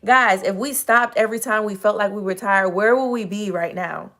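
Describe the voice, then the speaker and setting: Chatty, slightly hoarse woman livestream host. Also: mid-range voice, normal speed, sharp tone. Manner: chatty, greets viewers by name mid-talk; earnest, encouraging, addresses audience as y'all. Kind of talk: casual motivational livestream talk.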